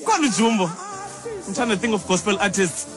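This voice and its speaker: A man hosting a casual radio chat, animated and teasing, often laughing. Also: high-pitched, fairly quick, over music. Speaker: radio host.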